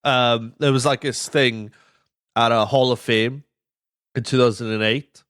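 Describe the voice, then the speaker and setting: A man's voice: mid-range voice, fairly even intonation, unhurried, a bit bright, no room sound, studio quality. A man in casual podcast chat, rambling with restarts and swearing in exasperation. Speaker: podcast co-host.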